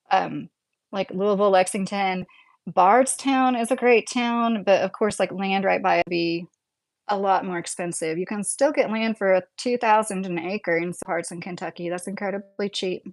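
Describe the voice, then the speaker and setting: A woman with a Midwestern accent talks in a loose, rambling way as she hosts a livestream. She sits at a mid pitch for a woman, answers chat messages as they come, and laughs easily between her thoughts. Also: fairly even intonation, normal speed. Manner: chatty and rambling, laughs often. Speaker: livestream host reading chat.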